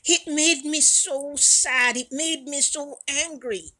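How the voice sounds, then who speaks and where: A woman in her sixties speaking straight to her community, emphatic and profane, repeating her phrases and swinging between soft and loud. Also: high-pitched, fairly even intonation, takes it slowly, poor audio. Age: 60s. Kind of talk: impassioned direct-to-camera talk.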